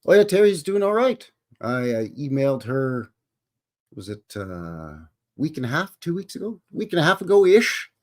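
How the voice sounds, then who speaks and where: A man's voice: on the high side, sing-song, moderate pace. A middle-aged man with a Western Canadian accent, hosting a casual live stream and greeting viewers in a folksy way.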